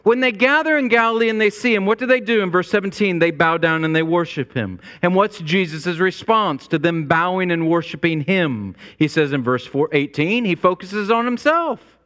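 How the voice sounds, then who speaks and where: A man preaches in a church sanctuary, his fairly high voice climbing to emphatic peaks before sinking low and quiet. Long reverb from the big hall hangs behind every phrase. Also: expressive, normal speed, smooth. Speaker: pastor. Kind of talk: sermon.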